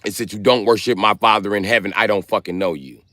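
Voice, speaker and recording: Man doing a stern scolding Jesus, cold, crude, bright dry voice. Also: on the low side, steady tone, fast, no room sound, close to an everyday voice. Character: stern Jesus rejecting false followers, male.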